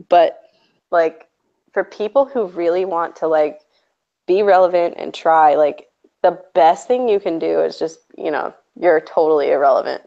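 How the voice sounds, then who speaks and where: A woman hosts a stream, chatting casually with a sarcastic edge and laughing often. Her voice sits fairly low and has a gravelly, fry-heavy texture. The recording sounds dull and lo-fi. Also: a little mellow. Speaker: stream host. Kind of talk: casual chat. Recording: dull lo-fi audio.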